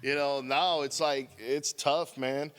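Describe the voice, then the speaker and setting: A man's voice: mid-range voice, fairly even intonation, slow, a bit bright, smooth. A man giving a candid, rambling share at a recovery meeting, often saying "man" and laughing as he talks. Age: adult with a wife and a daughter. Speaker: member sharing at a recovery meeting. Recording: long hall reverb.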